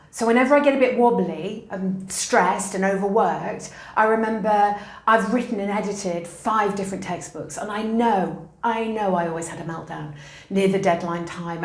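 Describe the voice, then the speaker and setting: A middle-aged woman, a university educator, answering interview questions in an emphatic, encouraging way and telling anecdotes. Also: mid-range voice. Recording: echoey room.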